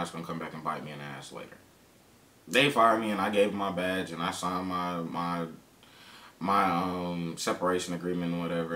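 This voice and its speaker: A man candidly telling his own story in a blunt, slangy, emphatic way, swearing freely and sometimes turning preachy. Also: bright, forceful tone. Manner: turns motivational and preachy. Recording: roomy, distant mic, faint rumble.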